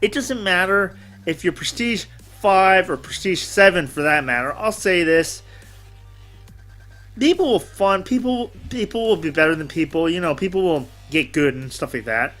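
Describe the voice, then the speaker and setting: A man hosting a casual talk show, telling rambling, animated gaming stories. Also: high-pitched, moderate pace, soft background music.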